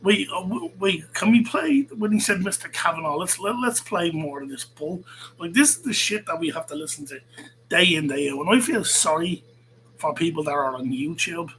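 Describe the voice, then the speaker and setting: A man hosting his own channel, reacting with laughter and free swearing in a mocking, casual commentary. His voice is bright and slightly high, with faint noise in the background. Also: lively intonation, moderate pace, poor audio. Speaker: YouTube channel host.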